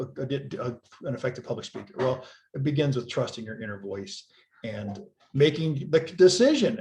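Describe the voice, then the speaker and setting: A middle-aged man teaching a public speaking class over a video call, animated and conversational, with frequent restarts. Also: mid-range voice. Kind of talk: online class lecture.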